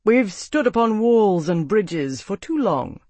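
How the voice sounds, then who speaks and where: Reading an audiobook, a man voices a stern, hawkish male senator who barks orders in a commanding, forceful way. He pitches the character above his own voice, exaggerated, very animated, high and slow-paced, with no echo on the recording.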